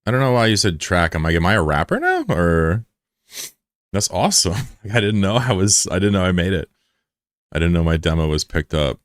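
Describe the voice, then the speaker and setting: Low-voiced joking male streamer. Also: normal speed, no echo, studio quality. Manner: joking and profane, banters with chat. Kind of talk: casual live-stream chat.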